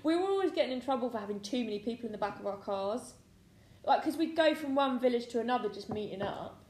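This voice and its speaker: A woman's voice: a little high, expressive, fast, darkish tone. A young British woman in casual chat, chatty and easily amused. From Britain. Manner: chatty, easily amused, reacts with short remarks. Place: living room. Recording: echoey room with faint background noise.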